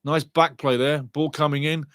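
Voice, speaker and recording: A man hosting a live football watchalong, giving rambling, chatty match commentary and shouting out to viewers in the chat. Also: on the high side, fairly even intonation, moderate pace, no echo. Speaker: watchalong host.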